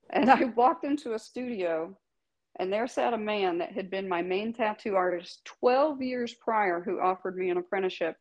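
A woman's voice: mid-range voice, normal speed, muffled recording. A middle-aged woman speaks in an ordinary mid-range voice, recounting her own story as an interview guest. She talks emphatically, laughs often and swears without fuss. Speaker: guest, tattoo artist.

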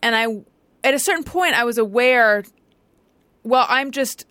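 A woman's voice: on the high side, animated, a little slow, sharp tone, dry recording. A woman from California hosting a podcast, asking questions in a curious, reflective way. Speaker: podcast host. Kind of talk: casual podcast chat.

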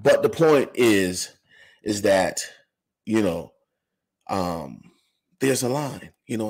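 A man giving rambling, animated commentary to camera, full of "you know" asides. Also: lowish voice, vocal fry, husky. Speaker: commentary vlogger. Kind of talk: casual ranting commentary.

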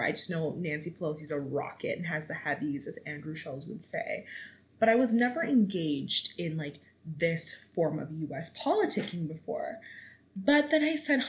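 Animated young woman podcaster. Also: rough recording. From Canada. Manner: animated, dramatic storytelling with sudden pitch jumps. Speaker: podcast host. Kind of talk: casual solo podcast commentary.

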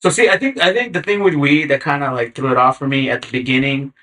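Man, podcast guest, casual storytelling, slangy, bright tone. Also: medium pitch, fast. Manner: laid-back, slangy, acts out quotes in animated bursts.

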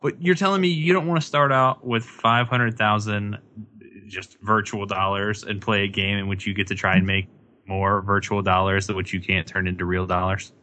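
A man co-hosting a podcast, chatting casually in a sarcastic, deadpan way. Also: on the low side, moderate pace. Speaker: podcast co-host. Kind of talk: casual chat.

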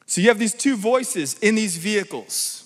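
A man preaching a sermon, animated and often checking in with the crowd. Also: high voice, normal speed. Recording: long hall reverb.

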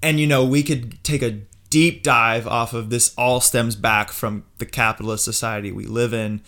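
A man co-hosting a podcast, speaking in a measured way and steering the talk from topic to topic. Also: medium pitch, a bit bright. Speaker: podcast co-host. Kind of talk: casual political chat.

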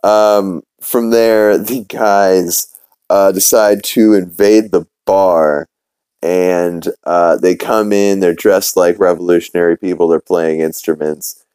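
A man with a low voice talks through an episode recap in loose, rambling fashion. His tone is mellow and relaxed, full of "uh" and "like" and the odd curse. The sound is dry and close. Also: slow, smooth, no room sound. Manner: rambling, with many fillers and restarts; swears casually. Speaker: podcast host.

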